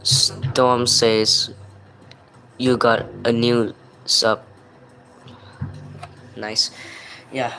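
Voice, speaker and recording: A man's voice: mid-range voice, flat delivery, very slow, pauses often, bright, forceful tone, slight background noise, poor audio. A man from Malaysia, hosting a livestream and reading viewers' chat messages aloud in a plain, apologetic way. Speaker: livestream host.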